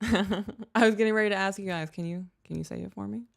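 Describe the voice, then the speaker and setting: A woman's voice: medium pitch, quick pace, vocal fry. A woman co-hosting a podcast live stream, chatting casually in a playful, giggly, self-mocking way. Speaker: podcast co-host.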